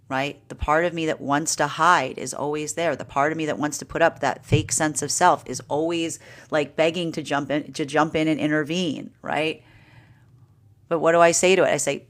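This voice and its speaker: A woman's voice: low voice, moderate pace. A woman giving a live tarot reading, talking through spiritual energy with frequent "right?" tags and playful acted-out inner dialogues. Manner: animated, laughing, plays out inner dialogues. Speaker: tarot reader.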